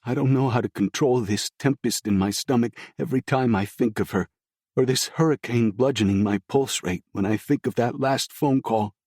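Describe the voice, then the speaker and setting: A man's voice: medium pitch, moderate pace, hardly any pauses, a little mellow, no room sound, studio quality, voice pushed up, natural voice. A man voicing a grieving, tearful young man. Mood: anguished. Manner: strained, tearful pleading. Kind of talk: audiobook dialogue.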